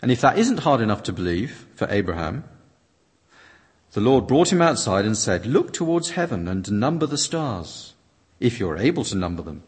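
A man preaching with a husky, breathy voice and a very lively pitch that rises and falls widely. He gives his quotations a dramatic reading. His voice rings through a large hall with a long reverb. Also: normal speed. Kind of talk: sermon with interpretation.

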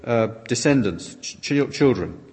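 A man preaching with a husky, breathy voice and a very lively pitch that rises and falls widely. He gives his quotations a dramatic reading. His voice rings through a large hall with a long reverb. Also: measured pace. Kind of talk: sermon with interpretation.

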